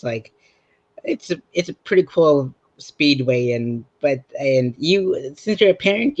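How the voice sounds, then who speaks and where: A man's voice: mid-range voice, dry recording. A man hosting a podcast interview, casual and filler-heavy, leaning on repeated stock replies. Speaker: podcast host. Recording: dry, dull lo-fi mic.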